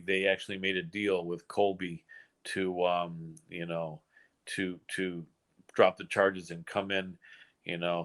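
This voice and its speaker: An American man hosting a casual podcast chat, chatty and quick to laugh. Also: low-pitched. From United States. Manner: chatty, laughs often, excitable. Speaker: host.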